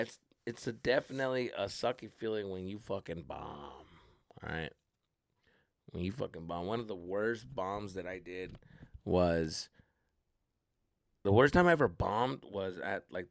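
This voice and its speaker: A man's voice: lowish voice, gravelly, fairly bright tone, dry recording, clean studio sound. A male comedian hosting a podcast, telling stories in a casual, profane, rambling way. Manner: profane, rambling, self-deprecating. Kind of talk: casual storytelling.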